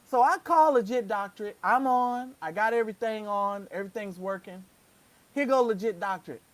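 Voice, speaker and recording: A woman's voice: on the high side, normal speed. A woman co-hosting a live stream, chatting casually and acting out quotes as she tells a story. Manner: animated storyteller who acts out quotes. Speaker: co-host of a live stream show. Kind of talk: casual chat.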